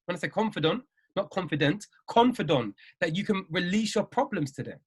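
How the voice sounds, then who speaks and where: A man's voice: high-pitched, animated, a little fast, breathy edge. A man giving an emphatic, repetitive motivational live-stream talk as a trading mindset coach. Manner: emphatic, repeats phrases, preachy.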